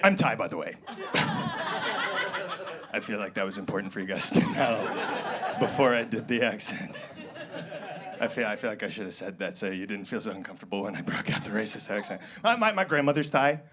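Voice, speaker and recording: A young man doing a live stand-up set on a club stage with a handheld mic, awkward and self-deprecating with absurd deadpan jokes. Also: lowish voice, moderate pace, long pauses, crowd noise. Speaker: stand-up comedian. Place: comedy club stage, indoors. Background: loud walk-on music at times.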